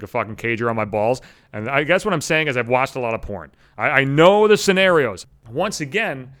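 A man's voice: on the high side, a bit bright. A man hosting a solo comedy podcast, ranting in a profane, exasperated and self-mocking way. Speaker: podcast host.

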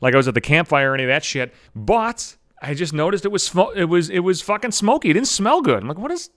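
A man's voice: fairly high pitch, expressive, fast, a bit bright. A man hosting a podcast, telling a story in a rambling, profane, self-mocking way. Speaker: podcast host. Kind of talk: casual solo storytelling.

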